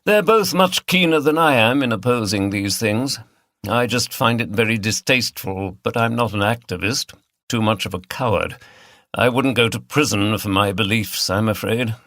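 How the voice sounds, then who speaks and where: A fastidious middle-aged artist speaks in a polished British RP accent, polite but quietly disdainful, as a male narrator voices him. The voice sits low and sounds dry and close. He talks with careful, precise phrasing. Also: no room sound. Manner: polite, precise, faintly superior.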